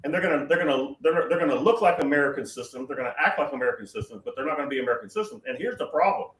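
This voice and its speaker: A man's voice: on the high side, expressive, racing. A man hosting a prophetic talk show, answering questions in a rambling, emphatic way with many restarts over a call. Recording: roomy sound from far off the mic.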